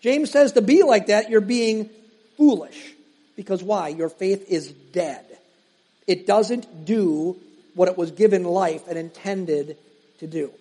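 High-voiced male pastor preaching in a hall. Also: warm tone. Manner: emphatic preaching with dramatic slow pauses and quick asides. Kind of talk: sermon. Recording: long reverb of a large hall.

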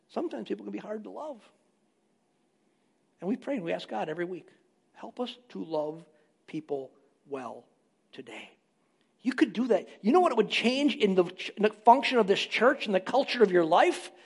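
A man's voice: high voice, expressive, a little fast, vocal fry, long pauses, breathy edge. A man, a pastor, preaching a sermon with emphatic rises in volume on key phrases. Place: church.

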